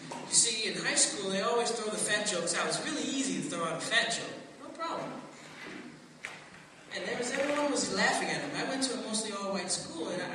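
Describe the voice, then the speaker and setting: A man works through a stand-up practice set, his voice high and swinging widely as he acts out everyone in his stories. He sounds far from the mic, in a roomy, echoing space with steady background noise. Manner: animated storytelling, acting out other people in high voices. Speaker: stand-up comedian.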